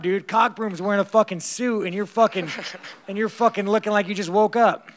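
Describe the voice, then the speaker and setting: A man's voice: high-pitched, steady tone, brisk. A man answering press questions after a fight, blunt and rambling, swearing heavily and tired.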